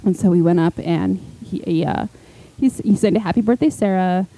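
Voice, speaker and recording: A woman co-hosting a podcast, telling excited, chatty stories in casual conversation. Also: lowish voice, fairly quick, no echo, poor audio. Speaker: podcast co-host. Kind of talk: casual chat.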